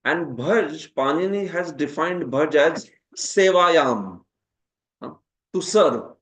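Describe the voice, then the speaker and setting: A man's voice: fairly high pitch, expressive, takes it slowly, fairly bright tone. A man with an Indian accent, a Hindi speaker, teaching a scripture class, often asking his students "huh?" and laughing at his own jokes. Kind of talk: classroom lecture with questions.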